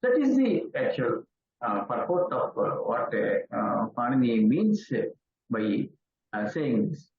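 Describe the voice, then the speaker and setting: An older man from India with an Indian accent, lecturing slowly and deliberately as a Sanskrit professor, spelling out syllables with many pauses. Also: mid-range voice, very animated, gravelly. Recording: echoey room over a tinny phone-like line.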